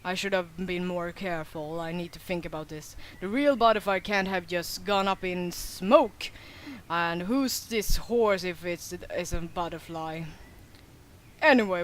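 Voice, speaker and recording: A woman's voice: lowish voice, a little slow, slight background noise, lightly acted. A woman reading game dialogue aloud, voicing a remorseful young man who blames himself for a lost horse. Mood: regretful. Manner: sheepish, self-blaming.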